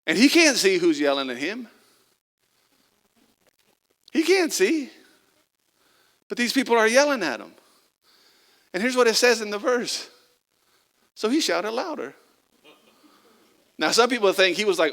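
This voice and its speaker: A man preaching a sermon in a conversational way, moving between loud emphasis and quiet, low stretches and acting out the people he quotes. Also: sing-song, moderate pace, long pauses, long reverb tail. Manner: acts out quoted people in a casual voice. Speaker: pastor.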